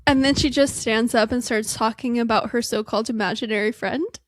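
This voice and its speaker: A woman's voice: on the high side, a little fast, a little hiss or hum. A young woman co-hosting a podcast in casual chat, agreeable and enthusiastic. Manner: agreeable, enthusiastic, uses like often. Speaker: podcast co-host.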